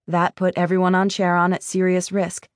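A woman giving steady first-person narration of a novel, recorded close. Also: lowish voice, normal speed, no room sound. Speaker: audiobook narrator.

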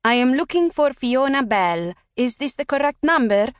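A woman's voice: high-pitched, expressive, normal speed, clear, resonant tone, no room sound, clean studio sound, voice pushed up. A woman voicing a polite, apologetic Italian woman caller with an Italian accent, speaking formally and carefully.

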